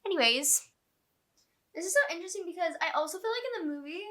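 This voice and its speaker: Bright, high-voiced chatty woman. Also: very fast. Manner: chatty and excitable, heavy use of "like". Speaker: book vlogger. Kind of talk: casual reading vlog chat.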